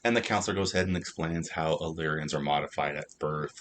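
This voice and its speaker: A man with a deep, low voice walks through a TV episode scene by scene. He speaks in a casual, unscripted way with plenty of fillers. A faint rumble hums in the background. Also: fast talker, a bit bright. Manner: loose, filler-heavy retelling. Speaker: TV show reviewer.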